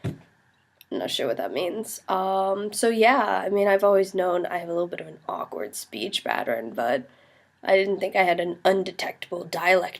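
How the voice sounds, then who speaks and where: A woman's voice: mid-range voice, moderate pace. A young woman from America, a university student, chatting to the camera in a self-mocking way while getting over a cold. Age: young adult. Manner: chatty, self-mocking, animated quoted voices. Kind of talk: casual chat to camera.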